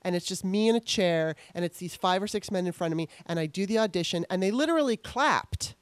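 A woman's voice: on the low side, animated, fast talker, dry recording. A woman hosting an interview, talking earnestly and at length with many restarts as she recalls her own auditions. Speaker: podcast host. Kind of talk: casual conversational interview.

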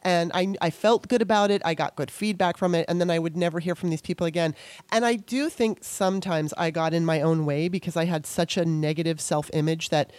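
A woman hosting an interview, a former actor telling a lively story in casual chat with many restarts. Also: fairly low pitch, fairly quick, dry recording. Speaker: podcast host and former actor.

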